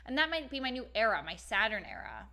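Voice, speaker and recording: Bright-voiced young woman chatting. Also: a little high, fast talker. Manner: animated, swears freely, lots of "like" fillers. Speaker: podcast co-host. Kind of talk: casual chat.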